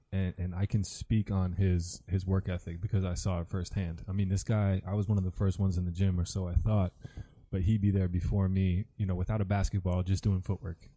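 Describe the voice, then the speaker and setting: Ex-pro man, sports chat, dark level voice, sincere. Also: sits low. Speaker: former basketball player, co-host. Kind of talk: casual sports talk.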